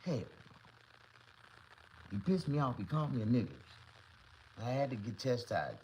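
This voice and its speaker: A man vlogging to camera, telling a comedic story in a profane, boastful, animated way. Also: mid-range voice, normal speed, a little hiss or hum, low-quality recording.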